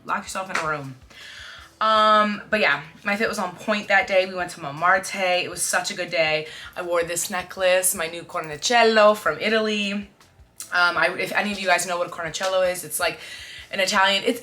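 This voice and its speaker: A woman in her twenties chatting excitedly to camera about her outfits, with lots of fillers and quick asides. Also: mid-range voice, a little hiss or hum. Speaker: fashion vlogger. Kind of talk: casual chat to camera.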